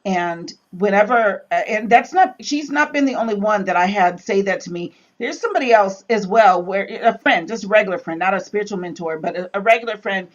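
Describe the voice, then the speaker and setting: A woman co-hosting a casual Bible study chat, telling lively stories and acting out quoted lines in different voices. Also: mid-range voice, a little fast, few pauses, highs cut off. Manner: animated storyteller, acts out quotes in voices.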